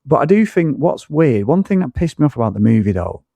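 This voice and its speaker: A man co-hosting a podcast, talking through a film in an excitable, sweary, rambling way with many restarts. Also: medium pitch, brisk, gravelly, no room sound. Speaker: podcast co-host. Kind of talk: casual film review chat.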